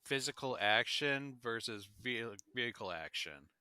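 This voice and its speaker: A man's voice: mid-range voice, animated, unhurried, sharp tone, clear, resonant tone, no room sound. A man co-hosting a casual podcast chat, wry and argumentative, with laughs between his points. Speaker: podcast co-host.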